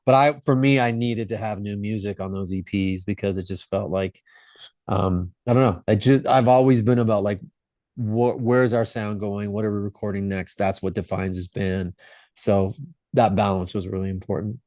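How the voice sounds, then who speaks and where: His voice lowish, steady and a little mellow at a moderate pace, a rock singer guesting on a podcast shares stories in an earnest, reflective way. The recording is dry and studio quality, and the talk is casual interview storytelling.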